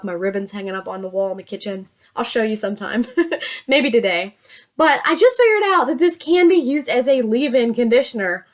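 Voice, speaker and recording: A chatty woman from Virginia with a Southern drawl, talking casually through her makeup routine and often poking fun at herself. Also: fairly high pitch. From Virginia, USA. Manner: chatty, self-mocking, laughs often. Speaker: beauty vlogger.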